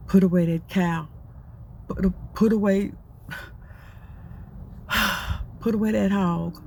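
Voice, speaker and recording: A woman's voice: mid-range voice, steady tone, slow pace, vocal fry, a little mellow, slight background noise. A middle-aged woman giving a casual, preachy motivational talk, folksy and repetitive. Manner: folksy, preachy, repeats herself. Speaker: motivational talker.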